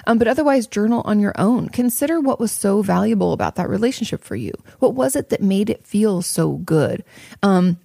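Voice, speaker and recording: A woman's voice: mid-range voice, lively intonation, fairly quick, vocal fry, warm tone, no room sound, clean studio sound. A woman therapist talking casually to her audience, reassuring and chatty, with many fillers and restarts. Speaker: therapist answering audience questions. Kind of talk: casual advice talk.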